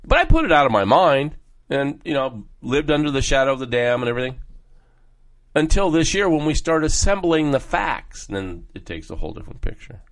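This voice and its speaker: A man's voice: medium pitch, very animated, a little fast. A middle-aged man hosting a talk show, delivering a rambling, heated political monologue that jumps from topic to topic.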